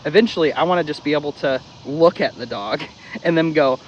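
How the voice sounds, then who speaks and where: Fairly quick and a little high in pitch, a dog trainer gives casual, blunt instructions on correction, step by step. He curses freely and keeps repeating the key steps like a drill. The sound is lo-fi with slight background noise.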